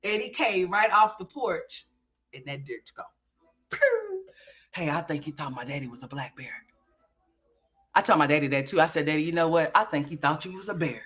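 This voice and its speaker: A woman from Oklahoma hosting a livestream, telling a story in a loose, animated and profane way, dropping to low mutters and rising to loud exclamations. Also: fairly quick. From Oklahoma, USA. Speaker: livestream host.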